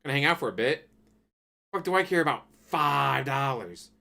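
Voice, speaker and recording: Bright-voiced man telling casual stories. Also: mid-range voice, moderate pace, vocal fry. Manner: relaxed, profane storytelling. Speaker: reaction channel host. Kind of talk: casual anecdotal commentary. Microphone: desk USB microphone.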